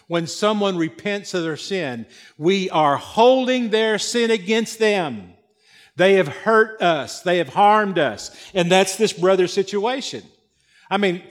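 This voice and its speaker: A male pastor delivering a sermon, swinging between loud emphasis and hushed, slow passages. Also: sits high.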